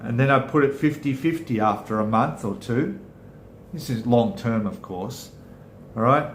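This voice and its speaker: A man's voice: mid-range voice, a little slow, echoey room, a little hiss or hum. A middle-aged Australian man hosting a casual live chat with viewers, rambling and chatty, often correcting himself mid-sentence. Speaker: channel host.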